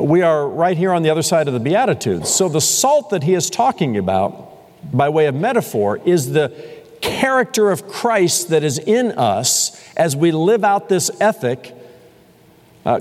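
A man preaching a sermon as pastor, expressive, building to emphatic peaks and slowing for key phrases. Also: fairly high pitch. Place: church sanctuary. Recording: long hall reverb.

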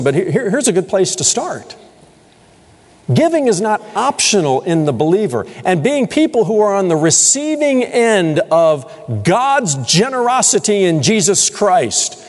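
A middle-aged man preaching a sermon as pastor, emphatic and asking the congregation rhetorical questions. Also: on the high side. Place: church sanctuary. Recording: long hall reverb.

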